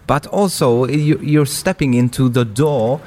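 A man who is a Catholic priest, talking in a panel discussion in a halting, earnest way with many restarts. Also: medium pitch, a little mellow. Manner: halting, repeats words, earnest.

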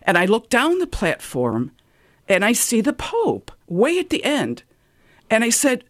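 Woman, animated storyteller, lively swooping pitch, dry close sound. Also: unhurried, dry recording. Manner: animated, self-quoting storyteller. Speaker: guest storyteller. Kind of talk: casual anecdote on talk radio.

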